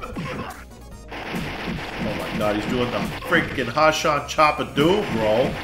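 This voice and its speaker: A man commentating on his own gameplay, excitable, swearing and shouting at enemies. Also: mid-range voice, takes it slowly. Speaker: let's play host. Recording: echoey room with game music.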